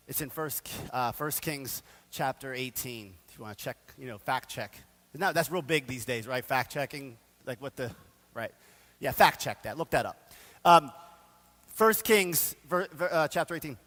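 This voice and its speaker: A man preaching a sermon, telling the story in a casual, animated way with slang. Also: fairly high pitch, in a large hall. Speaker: pastor. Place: church sanctuary.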